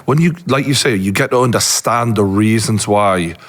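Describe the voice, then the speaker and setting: A man's voice: on the low side, normal speed. A man hosting a casual interview, joking and asking follow-up questions with surprise. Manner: jokey, reacting with surprise, asks follow-up questions. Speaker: interview host.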